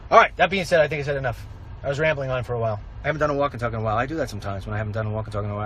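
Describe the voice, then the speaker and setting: A man's voice: medium pitch, rapid-fire, background noise. A middle-aged man giving a rambling, emphatic walk-and-talk monologue outdoors as an online commentator. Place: outdoors, walking.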